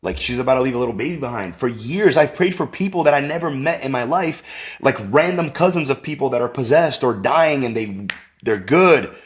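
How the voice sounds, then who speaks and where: Animated man telling a faith story. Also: mid-range voice, fairly quick. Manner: rambling, full of "like" and "you know"; animated, acts out quoted voices. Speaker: podcast guest. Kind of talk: personal testimony storytelling.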